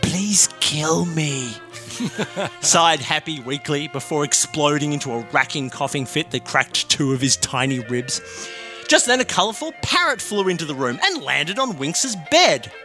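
A man telling a dark comic story deadpan and bantering as a co-host. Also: on the high side, moderate pace, faint music behind. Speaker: comedy podcast co-host.

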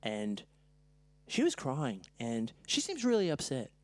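A podcast co-host telling a story in casual chat, animated, laughing often and swearing freely. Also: mid-range voice, measured pace, dry recording.

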